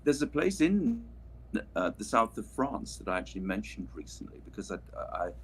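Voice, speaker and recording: A man's voice: lowish voice, big pitch swings, normal speed, fairly bright tone, slightly rough. A voice actor chatting casually on a livestream while signing prints, drifting through anecdotes and restarting his sentences. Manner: rambling, anecdotal, many restarts and asides.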